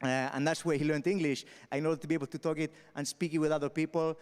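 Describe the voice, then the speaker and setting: A young man from Mallorca doing an animated stand-up comedy set on a festival stage, peppering his talk with punchy "all right?" asides. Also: on the high side, fast talker, in a large hall. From Mallorca, Spain. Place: festival stage before a live audience.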